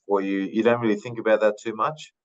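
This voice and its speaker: A man in his thirties from Papua New Guinea, a podcast guest telling his story in a thoughtful, unhurried way with many fillers and restarts. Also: on the low side, level tone, muffled recording. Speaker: podcast guest, retired rugby league player. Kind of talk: casual interview storytelling.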